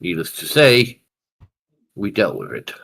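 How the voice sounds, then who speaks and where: A man playing a tabletop game, explaining things in a deliberate, measured way. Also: medium pitch, huge pitch swings, creaky, fairly bright tone. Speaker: player. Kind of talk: casual tabletop play.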